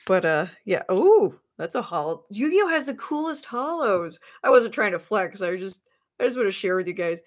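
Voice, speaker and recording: A woman's voice: medium pitch, very animated, normal speed. A woman streaming live, bubbly and chatty, greeting viewers as she opens trading card packs. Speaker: streamer opening trading cards.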